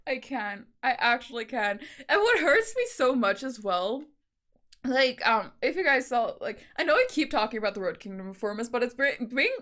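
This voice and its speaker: A woman's voice: high voice, fairly bright tone. A young woman hosting a fan reaction video, talking in a gushing, emotional way with lots of "like" fillers and half-laughing, near-tearful asides. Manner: gushing, heavy "like" fillers, laughing through tears.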